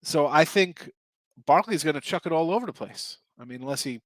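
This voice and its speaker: A man's voice: fairly high pitch, animated, fairly quick, dry recording. A middle-aged man hosting a sports betting show, chatting casually with viewers, rambling and correcting himself, a bit tired. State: tired, yawning. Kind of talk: casual livestream chat.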